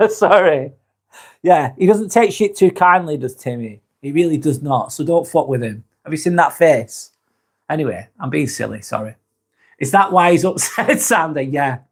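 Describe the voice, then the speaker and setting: A man's voice: a little high, expressive, moderate pace, slightly rough. Laid-back man chatting on a livestream. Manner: laid-back, swears freely, laughs often; reads viewer comments aloud. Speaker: livestream host. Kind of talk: casual live chat.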